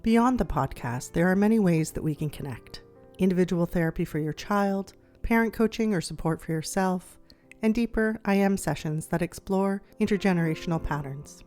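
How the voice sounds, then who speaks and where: A woman therapist hosting a podcast, reading her reflective script in a gentle, measured, soothing way. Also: lowish voice, soft background music. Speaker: child therapist and podcast host.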